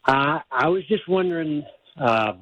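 A man's voice: a little high, animated, unhurried. A man in his sixties calling a radio show, jokey and chatty. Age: 60s. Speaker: caller. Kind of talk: call-in question. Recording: dull line, loud noise.

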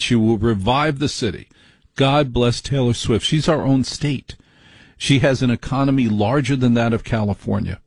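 A man in the middle of an opinionated monologue, brash and rambling, his voice a little husky. He sounds mock-exasperated. The sound is dry, with no room around it. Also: mid-range voice, darkish tone, dry recording.

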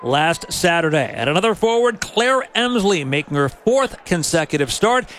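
A man with a high voice calls out the starting lineups in a crisp broadcast style, with faint noise behind him. He delivers each name and stat cleanly, in the manner of a play-by-play announcer. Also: sing-song, moderate pace, fairly bright tone.

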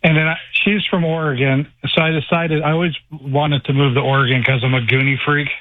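A man's voice: fairly high pitch, fairly even intonation, no room sound. Rambling male caller on a tinny phone line. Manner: halting and rambling, full of "like" and restarts. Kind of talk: telling a personal story on a call-in show.

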